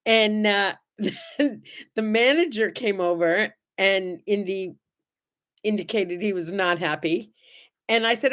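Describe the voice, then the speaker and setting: A woman hosting a morning livestream, chatting casually to viewers and acting out the people in her stories with lively, expressive delivery. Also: measured pace. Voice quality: animated storyteller, acts out the people in her stories. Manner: bursts into high squeals when greeting viewers. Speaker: host of a morning livestream show. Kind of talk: casual chat to live viewers.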